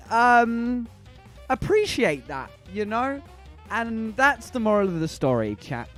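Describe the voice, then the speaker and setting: A man streaming live, telling his chat a story in a bright, high voice that leaps up and down. He laughs easily and teases his viewers. Faint music plays behind him. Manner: animated, laughing, teasing the chat.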